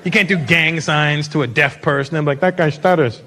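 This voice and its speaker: On stage before a live crowd, a middle-aged stand-up pokes fun at audience members and laughs along with his own material. His voice is on the high side, briskly paced, with fairly even intonation. The live show captures crowd and room noise.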